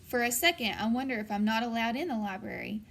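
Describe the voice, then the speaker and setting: A woman's voice: fairly high pitch, fast, vocal fry, a bit bright. Woman narrating a first-person audiobook.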